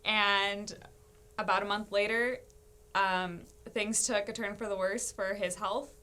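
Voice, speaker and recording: A woman guest telling a personal faith testimony in a lively, storytelling way, often laughing and acting out what people said. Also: mid-range voice, measured pace. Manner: animated storytelling with frequent laughs and acted-out quotes. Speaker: guest sharing her testimony.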